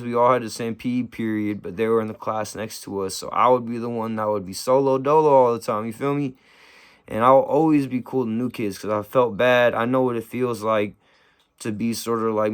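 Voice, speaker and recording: A young man from the Bay Area, telling a personal story to camera in a slangy, subdued, halting way. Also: lowish voice, clear, resonant tone. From San Francisco Bay Area.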